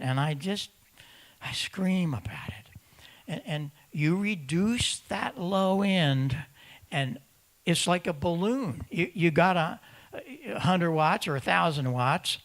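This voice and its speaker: This man's voice is high-pitched and a bit bright. Presenting at a ham radio symposium, he gives an emphatic talk to an audience of ham operators in a conference room, repeating words for stress and acting out other hams' voices.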